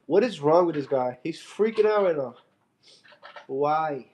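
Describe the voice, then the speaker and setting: A man's voice: fairly high pitch, animated, unhurried, darkish tone. A man on a casual live stream, reading out viewer comments and answering them loosely and playfully into his phone. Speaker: fitness streamer.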